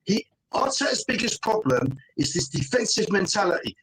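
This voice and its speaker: A man's voice: high voice, lively intonation, normal speed, few pauses, slight background noise. Middle-aged man arguing hard on a phone call. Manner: emphatic, forceful arguing, keeps tagging "mate" and "right?". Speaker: fan panel guest. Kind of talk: casual fan podcast chat.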